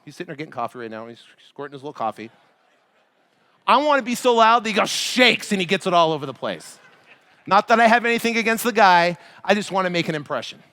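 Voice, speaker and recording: A man giving a hyped motivational seminar speech to a live crowd, shouting chants. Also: high voice. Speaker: motivational speaker. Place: large event hall. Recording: reverberant hall.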